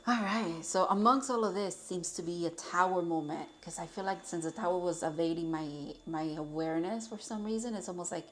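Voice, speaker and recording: A woman's voice: on the low side, fairly quick, hardly any pauses, a little hiss or hum. A young woman giving a casual tarot reading to her viewers, rambling and chatty with many fillers and restarts. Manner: chatty, rambling, with frequent fillers and self-corrections. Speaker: tarot reader.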